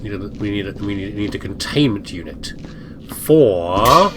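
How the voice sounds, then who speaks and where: A man talks through a video game in a loose, joking way, teasing himself and scolding things on screen. His voice rises and falls a great deal. A clear hiss of background noise sits under the recording. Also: fairly low pitch, expressive, normal speed. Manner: chatty, self-mocking, talks to viewers and objects. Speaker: let's play gamer. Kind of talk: casual gameplay commentary.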